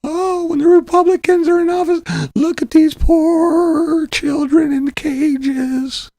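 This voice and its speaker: A man putting on a mocking impression of a whiny female politician in a high, sing-song voice. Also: fairly even intonation, slow pace, dark tone, no echo, exaggerated voice. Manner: shrill sing-song mockery.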